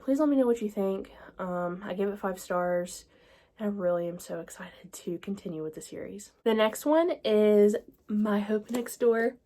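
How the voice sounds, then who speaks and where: A woman's voice: lowish voice, darkish tone. Chatty young woman, casual gushing book-review vlogger voice. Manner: chatty, gushing, many fillers like "like" and "y'all".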